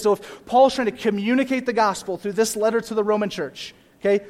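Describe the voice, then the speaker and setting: A young man preaching a sermon to a congregation, animated, moving between quiet asides and loud emphatic repetition. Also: high voice. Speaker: pastor.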